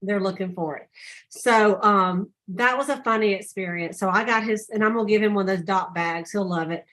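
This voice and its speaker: A woman telling stories on a casual sales call, chatty and animated. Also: a little fast. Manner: chatty storyteller, acts out quotes with high voices. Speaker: sales director.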